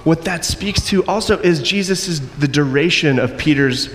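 Man preaching, lively delivery with acted-out voices, long hall reverb, faint background hiss. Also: fairly high pitch, normal speed. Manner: acts out quoted voices, varies loudness widely. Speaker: pastor. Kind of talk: sermon.

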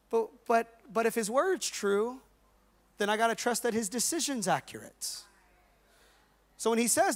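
A man's voice: extremely high pitch, animated, normal speed. A male pastor preaching a conversational, joking sermon in slangy everyday talk to a live congregation. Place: church service with a live congregation.

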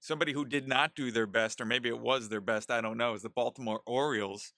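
A man's voice: mid-range voice, fairly even intonation, quick pace, bright, forceful tone, dry recording, clean studio sound. A man co-hosting a sports podcast, teasing his partner in a joking way. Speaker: podcast co-host. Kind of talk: casual sports podcast chat.

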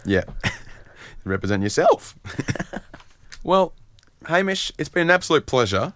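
Laughing, joking radio host. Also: male voice, a little high, sing-song, measured pace, fairly bright tone, no echo. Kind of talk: casual chat.

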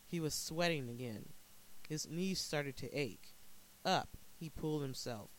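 Man narrating a dark story. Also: a little high, a little hiss or hum, poor audio. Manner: measured, dramatic storytelling.

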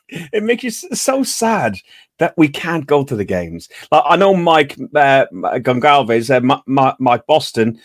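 A man co-hosting a casual football chat, animated and joking with frequent restarts. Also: fairly high pitch, slow pace, no echo, studio quality. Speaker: podcast co-host.

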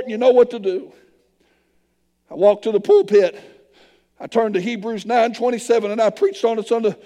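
An older man, preaching a sermon and telling a missionary story with passion, shouting at the high points. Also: creaky. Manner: impassioned, shouting at peaks, hushed in the retold confrontation. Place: church sanctuary. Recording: long hall reverb.

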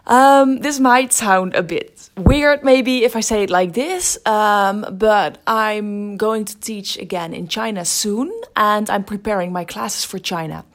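A woman's voice: medium pitch, measured pace, hardly any pauses. A middle-aged woman hosting a podcast as a creativity teacher, talking thoughtfully and often restarting her sentences. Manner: thoughtful, with frequent restarts and fillers. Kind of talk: casual spoken monologue.

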